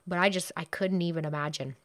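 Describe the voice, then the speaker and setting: A woman's voice: on the low side, fairly even intonation, fast, no echo, studio quality. A woman casually retelling a true crime case, chatty and blunt, swearing freely and acting out what people said.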